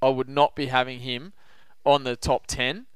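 A man's voice: medium pitch, moderate pace, smooth, dry recording. Confident Australian man hosting sports chat. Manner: confident, animated tipster banter. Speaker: podcast host. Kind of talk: casual sports betting chat.

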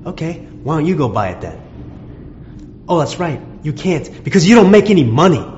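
Guy doing a bitter sarcastic husband, highish voice that swings all over, echoey muffled room. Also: big pitch swings, normal speed, darkish tone. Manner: bitter, sarcastic, rising to angry outbursts. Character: resentful working husband scolding his wife. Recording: dull muffled sound, long reverb, faint room noise.

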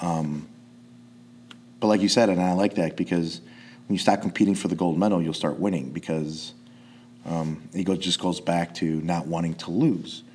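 Low-voiced rambling jiu-jitsu coach. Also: male voice, steady tone, normal speed, darkish tone, slight background noise. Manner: rambling, profane, restarts sentences often. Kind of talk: casual podcast chat.

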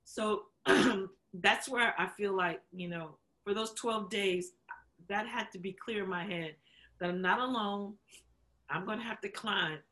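Woman show host, candid storyteller with a bright, forceful voice, laughs easily and acts out what people said. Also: mid-range voice, unhurried. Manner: emotional, chokes up while telling it; laughs often, acts out quotes. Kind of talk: candid conversation.

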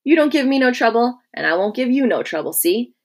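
A woman reading aloud, voicing a cheerful, friendly Roman soldier who talks in rough slang. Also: on the high side, big pitch swings, a little fast, pitched above the performer's own voice.

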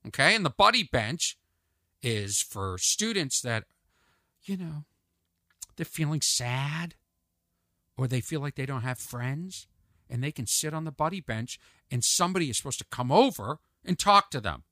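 Guy ranting on his podcast, bright tense voice, bouncy pitch, dry close mic. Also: unhurried, dry recording. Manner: animated, ranting, mimics others in asides. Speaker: podcast host. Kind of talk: comedic solo podcast monologue. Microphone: podcast mic on video.

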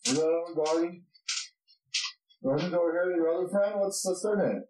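A man's voice: sits high, moderate pace, mellow, pitched above the performer's own voice, close to an everyday voice. A man voicing a friendly male dwarf gate guard who greets travellers like old pals. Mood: curious. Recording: roomy distant mic with noise.

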